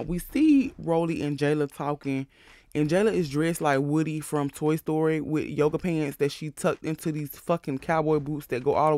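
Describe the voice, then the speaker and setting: A man hosting a casual recap of a reality show, sassy, animated and profane as he talks. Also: a little high, dry recording.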